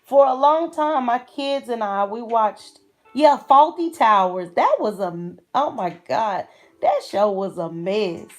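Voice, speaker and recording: Middle-aged woman, livestream host, high voice, slow unhurried pace, giggles constantly. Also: lively intonation, faint music behind. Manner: giggly, laughs often between phrases. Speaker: channel host. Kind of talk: casual livestream chat.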